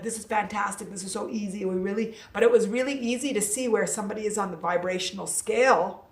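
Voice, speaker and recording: A woman hosting a casual livestream, laughing often and reading out viewer comments. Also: mid-range voice. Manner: chatty, laughing, reads viewer comments aloud. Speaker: livestream host. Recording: echoey room, distant mic.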